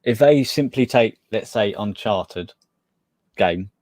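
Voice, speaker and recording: A man's voice: lowish voice, animated, takes it slowly, a little mellow, no echo, clean studio sound. A man co-hosting a gaming podcast, hesitant, often trailing off and restarting. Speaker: podcast co-host. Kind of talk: casual chat.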